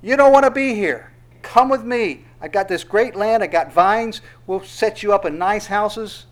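Man voicing a mocking male general, loud and brash, pitched up high. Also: unhurried. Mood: taunting. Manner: loud, taunting, boastful.

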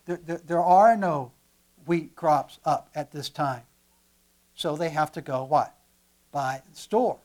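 A male pastor preaching a sermon, animated, moving from quiet asides to loud emphatic lines and repeating words as he restarts. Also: a little high, takes it slowly, pauses often.

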